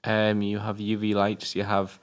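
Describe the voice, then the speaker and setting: A British man with a notably deep voice co-hosts a casual film review chat. He talks in a rambling, halting way, full of "um"s and offhand swearing. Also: monotone, clear, resonant tone. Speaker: co-host of a film review show.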